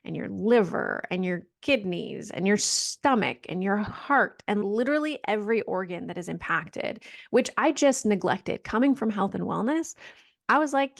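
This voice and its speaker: Earnest woman with a gravelly edge. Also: mid-range voice, animated, normal speed, no echo, studio quality. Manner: earnest, reflective. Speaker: podcast guest. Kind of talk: reflective casual chat.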